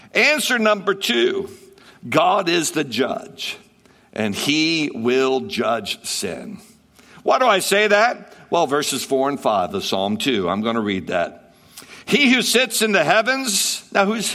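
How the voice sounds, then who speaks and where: A man's voice: fairly high pitch, pushed and bright, in a large hall. A male pastor preaching a sermon, emphatic, repeating phrases and asking rhetorical questions.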